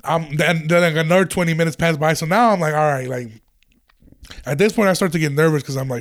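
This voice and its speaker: A young man with a high-pitched voice spins a rambling, profane story in casual talk. He keeps restarting his sentences and slips into quoting the people in it. His voice has a gravelly, fry-laced edge. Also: fast talker. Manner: profane, rambling, animated retelling with quoted voices. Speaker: stand-up comedian.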